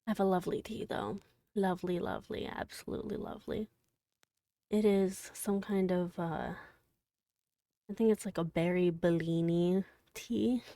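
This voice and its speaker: A young woman streamer chatting quietly and gently, half-whispering as she recaps a book she reads aloud. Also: lowish voice, steady tone, normal speed, dry recording, studio quality, distant mic. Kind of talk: gentle soft-spoken livestream chat.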